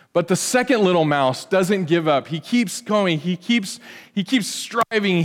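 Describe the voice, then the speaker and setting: Man imitating older dad giving an award speech, halting delivery, raised pitch, long hall echo. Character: impression of a famous actor playing an older father giving a speech.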